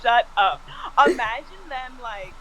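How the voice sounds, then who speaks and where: A woman co-hosting a casual chat show, excitable and filling her talk with "like". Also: on the high side, slow, lo-fi sound, a little hiss or hum. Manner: excitable, heavy use of "like". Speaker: podcast co-host.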